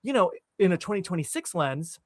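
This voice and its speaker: A man's voice: sits high, big pitch swings, a little fast, dry recording. Chatty man hosting, dry close sound. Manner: chatty, often acts out film lines. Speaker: podcast host. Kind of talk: casual chat about a film.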